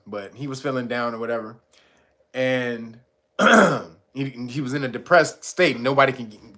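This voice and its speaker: Male streamer, bright edgy tone, chatty storyteller who keeps breaking into laughter. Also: mid-range voice. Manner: laughs often, retells jokes with put-on voices. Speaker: streamer host. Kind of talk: casual storytelling.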